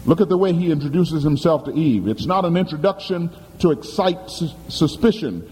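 A male pastor delivers a sermon with a dramatic, storytelling sweep, his voice swooping high and low and rising above a man's usual pitch. His tone is dark and mellow, and a long church reverb trails every phrase over a faint room hum. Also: expressive, moderate pace. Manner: calls on the congregation to answer.

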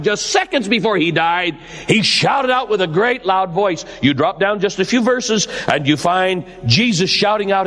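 Male pastor preaching, high voice, slow and emphatic, long echo like a big hall. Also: fairly bright tone. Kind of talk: sermon.

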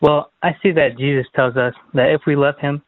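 A man's voice: fairly high pitch, fairly even intonation, fairly quick, no echo. Polite male caller on a phone line. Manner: polite, hesitant. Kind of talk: phone-in question.

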